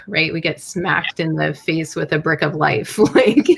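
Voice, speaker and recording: Lower-voiced woman host asking questions. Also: normal speed, gravelly, hardly any pauses, fairly bright tone, husky. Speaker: host, Ayurveda practitioner and yoga teacher. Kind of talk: casual interview talk.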